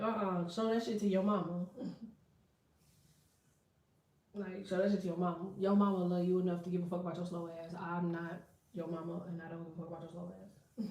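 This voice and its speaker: A woman giving a casual tarot reading, blunt and profane, breaking into laughing asides. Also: lowish voice. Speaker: tarot reader. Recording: echoey room, distant from mic.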